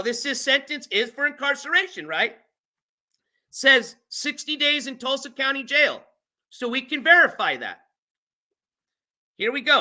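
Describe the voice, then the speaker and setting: Stream host, very bright voice, casual, reads legal papers aloud, explains as they go. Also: mid-range voice. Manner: chatty, stops to explain legal wording; thanks channel members by name. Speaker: livestream host. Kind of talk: casual commentary reading court papers aloud.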